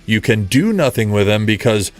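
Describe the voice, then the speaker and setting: A man hosting a casual livestream, ranting in an animated way, repeating himself and making sarcastic asides. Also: on the low side, moderate pace. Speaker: livestream host. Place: home streaming setup.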